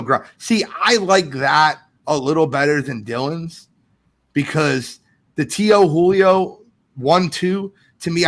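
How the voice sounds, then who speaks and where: A man hosting a casual live sports podcast, reading viewer comments aloud in an animated way. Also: mid-range voice, vocal fry. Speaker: podcast host.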